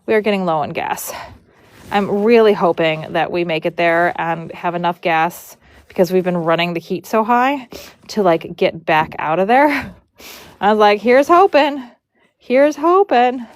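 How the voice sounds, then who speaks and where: A woman's voice: fairly low pitch, unhurried, no room sound. Chatty woman braider, dry sound. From Michigan. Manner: chatty, animated retelling of conversations. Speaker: horse braider. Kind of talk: casual storytelling on a livestream.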